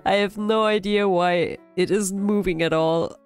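A woman with a sick, hoarse voice, giving casual, self-deprecating commentary while playing a building game. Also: mid-range voice, steady tone, measured pace, music in the background. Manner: self-deprecating, frequent laughs. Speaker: gaming channel host. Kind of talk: casual let's-play commentary.

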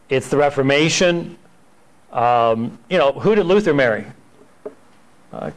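In a slightly high voice on a poor recording, a man teaches a Sunday school class on church history. He speaks conversationally, full of fillers and restarts, and sometimes acts out quoted dialogue as he tells stories.

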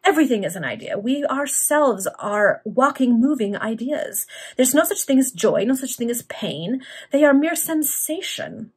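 A pompous male German baron philosopher lectures in broken English with a heavy German accent, as a woman puts him on. The voice sits higher and louder than plain talk and carries a breathy edge. He presses his ideas on everyone at the table. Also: normal speed. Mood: insistent.

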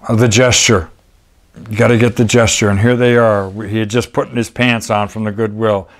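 A man's voice: fairly low pitch, flat delivery, moderate pace. An older man, a documentary photographer, talking casually through his photographs with rambling, folksy asides. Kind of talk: storytelling slideshow talk.

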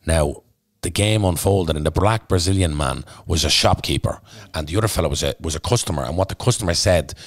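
A Dublin-accented Irishman appearing on a podcast tells his story in a blunt, intense, candid conversation, cursing freely throughout. He talks briskly in a low voice with few pauses, and the recording has no echo.

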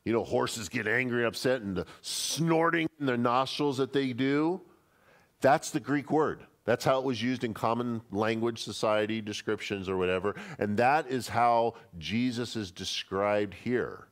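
A man's voice: mid-range voice, unhurried. A man, a pastor teaching a Bible study in a conversational, emphatic way. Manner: conversational and emphatic, acting out quoted speech.

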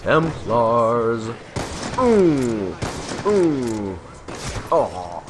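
A young man giving casual commentary while playing a video game, full of excited little exclamations. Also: mid-range voice, extremely slow, noisy background. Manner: excitable, with lots of surprised exclamations. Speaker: gamer. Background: game music.

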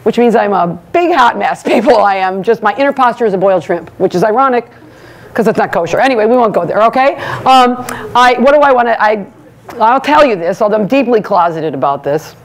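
A woman doing a brash stand-up monologue as master of ceremonies, teasing the crowd and talking fast. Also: medium pitch, expressive, slight background noise. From United States. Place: banquet hall before a live audience.

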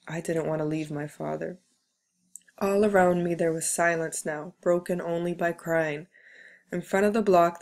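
A woman reads a book aloud at a measured, steady pace. Her voice is fairly low for a woman. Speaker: reader.

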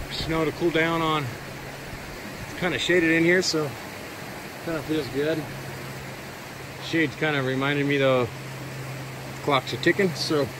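A man talking casually while hiking and prospecting along a mountain creek, rambling and laid-back, a bit winded, recorded on a handheld camera outdoors. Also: a little high. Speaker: prospecting vlogger. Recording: outdoor wind and creek noise. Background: flowing creek.

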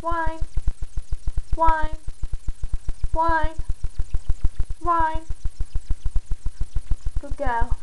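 A woman's voice: very high voice, slight background noise, poor audio. A woman at home filming her dogs, repeating short commands and cooing praise at them. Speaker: dog owner filming her pets' tricks. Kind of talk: casual home video.

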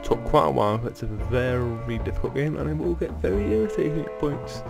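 A man's voice: mid-range voice, fairly even intonation, brisk, gravelly, music in the background. A man casually commenting on a video game as he plays, jokey and self-deprecating. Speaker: let's play gamer.

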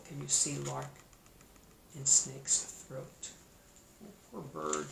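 Male teacher reading a storybook aloud, slow and playful with asides, in a roomy room. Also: mid-range voice, vocal fry, slight background noise. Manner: playful, expressive, comments on the story. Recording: roomy echo.

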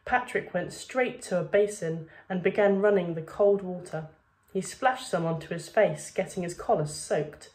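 A woman's voice: on the low side, normal speed, a little mellow. A woman, a primary school teacher reading a children's novel aloud to her class.

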